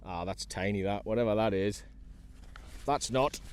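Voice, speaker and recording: Excitable man fishing from a kayak. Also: lowish voice, moderate pace, clear, resonant tone. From North East England. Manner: chatty, excitable, talks to the fish. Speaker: fishing vlogger. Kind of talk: casual running commentary while fishing. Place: kayak at sea outdoors.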